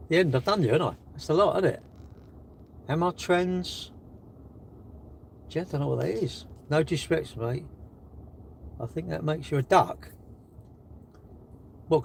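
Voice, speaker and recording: A man's voice: a little high, gravelly, a little mellow, a little hiss or hum. An older man hosting a casual livestream, teasing viewers and bantering in a cocky way as he reads their chat messages. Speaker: livestream host reading chat. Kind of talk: casual live-stream chat.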